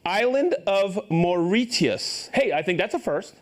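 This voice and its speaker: Brief: high, animated male host, upbeat and joking, calling out viewer shout-outs live. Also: a little slow. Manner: upbeat, reads viewer names and places, jokes and stumbles on pronunciations. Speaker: host of a live tool show.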